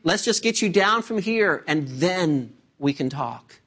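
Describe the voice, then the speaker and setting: A preacher voicing God in a sermon story, speaking slowly and softly in a lower voice. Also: lively intonation, breathy edge. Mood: calm. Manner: slow and gentle. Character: calm, patient voice of God.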